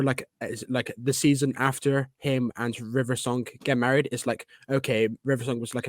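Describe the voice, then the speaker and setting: A man's voice: mid-range voice, dry recording, clean studio sound. A man guesting on a podcast, talking at length with many "like" fillers. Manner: rambling, uses many "like" fillers. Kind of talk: casual chat.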